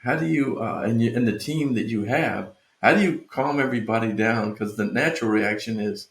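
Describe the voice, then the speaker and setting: A man hosting an interview show, asking his guest questions in a halting way with many restarts. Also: mid-range voice. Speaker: show host. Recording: echoey room.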